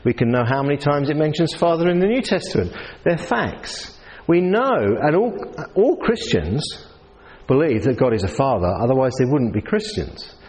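A man's voice: on the high side, sing-song, moderate pace, a little mellow. A man with a New Zealand accent preaching a sermon in a conversational way, asking his audience questions. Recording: reverberant hall.

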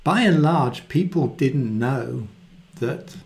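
A man giving a casual, animated Bible talk and often acting out the quoted voices in it. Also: mid-range voice, takes it slowly, vocal fry. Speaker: Bible teacher. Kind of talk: conversational Bible teaching.

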